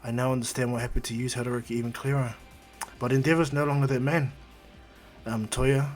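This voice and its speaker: A man's voice: mid-range voice, steady tone, fairly quick, faint music behind, natural voice. A man voicing an earnest young hero. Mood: explaining. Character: calm confident young male hero.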